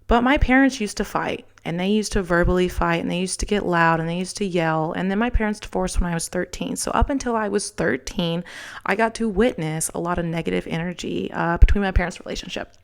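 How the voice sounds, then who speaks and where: A young adult woman hosting her own show, telling a personal story in an animated, frank way with casual swearing. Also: lowish voice, fairly quick, creaky. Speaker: podcast host.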